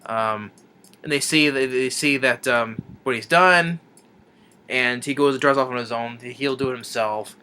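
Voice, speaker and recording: A man's voice: medium pitch, measured pace, pushed and bright, clean tone. A man reviewing a film, retelling the plot in a rambling, casual way with many restarts and chuckles.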